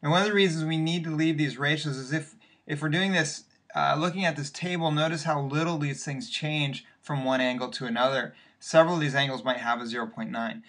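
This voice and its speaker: A man's voice: a little high, fairly even intonation, fairly quick, a bit bright. A male math teacher walking patiently through worked examples in a recorded lesson, step by step with occasional fillers.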